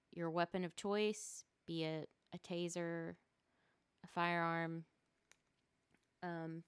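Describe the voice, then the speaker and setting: A woman's voice: fairly low pitch, clear, resonant tone, no echo. A woman hosting a casual solo podcast from her rural home, rambling and often stumbling over her words and restarting. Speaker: podcast host.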